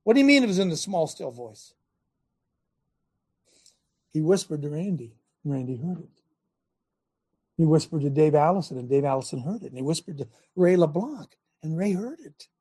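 A man preaching to a men's gathering, reading scripture and swinging from loud urging calls to hushed near-whispers in a husky voice. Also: a little high, lively intonation, fast talker, hardly any pauses.

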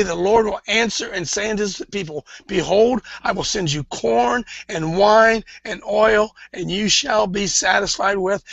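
A middle-aged man preaching a sermon, telling stories in a loose, chatty way and rising to fervent shouts. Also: high voice, creaky, no room sound. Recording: dull, dry lo-fi recording.

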